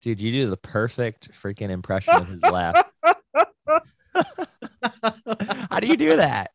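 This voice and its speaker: A man's voice: medium pitch, wildly swooping pitch, slow, creaky, dry recording. A man hosting a podcast, reacting bluntly and profanely in casual chat. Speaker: podcast host.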